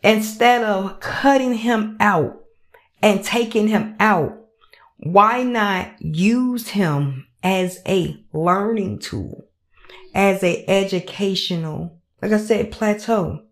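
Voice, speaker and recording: Unhurried woman podcast host. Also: medium pitch. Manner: animated, repetitive, acts out voices. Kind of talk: casual commentary monologue.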